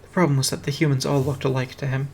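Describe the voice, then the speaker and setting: A man's voice: mid-range voice, level tone, fast, gravelly, a little mellow, a little hiss or hum. A man reading a fantasy fan story aloud on a stream, with a dry, wry delivery. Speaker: reader. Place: home streaming setup. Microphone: streaming mic.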